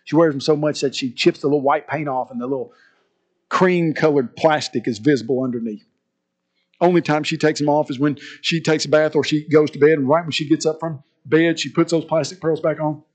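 Brief: male preacher, sermon storytelling, slightly high voice, animated then hushed. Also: fairly quick.

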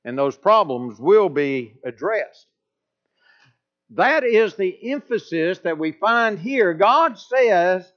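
A high-pitched man delivers a sermon, pressing his points home with rising emphasis. The recording sounds dull and lo-fi. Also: expressive, slow pace. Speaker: preacher.

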